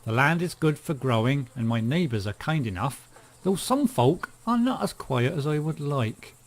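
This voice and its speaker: A man's voice: medium pitch, lively intonation, normal speed. A man voicing a friendly, contented village farmer in a game, with a put-on rustic country accent and a drawl. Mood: homely.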